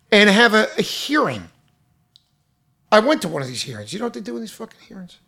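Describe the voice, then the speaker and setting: A man who runs a restaurant, angrily venting in a loud, profane, exasperated rant. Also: high-pitched, sing-song, brisk, gravelly, pauses often.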